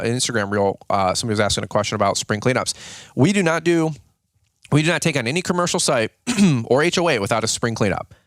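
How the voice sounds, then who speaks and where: A blunt, excitable man hosting a casual talk on running a lawn care business, acting out client conversations with crude jokes. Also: mid-range voice, dry recording, clean studio sound. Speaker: podcast host, lawn care business owner.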